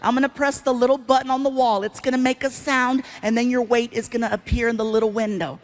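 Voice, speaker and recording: Guy doing a soft polite lady nurse, starstruck and gushy, kinda high and gentle. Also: steady tone, fast talker, close to an everyday voice. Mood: instructing. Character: sweet starstruck female nurse, polite and gushing.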